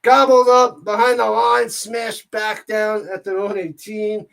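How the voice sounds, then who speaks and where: An excitable man calls a football game play by play for a watch-party stream. He is loose and joking, drifting into asides between snaps and shouting when a big play lands. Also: high voice, a little slow, vocal fry. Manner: jokey and excitable, rambles between plays. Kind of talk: casual play-by-play commentary.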